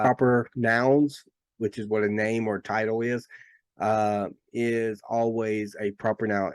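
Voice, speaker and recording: Low-voiced man explaining with many restarts. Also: no echo. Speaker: Bible teacher. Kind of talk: informal lecture.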